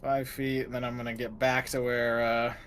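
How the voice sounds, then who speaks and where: A man's voice: mid-range voice, little pitch movement, normal speed, fairly bright tone, a little hiss or hum. A man playing a tabletop game, talking casually and a little hesitantly. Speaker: player.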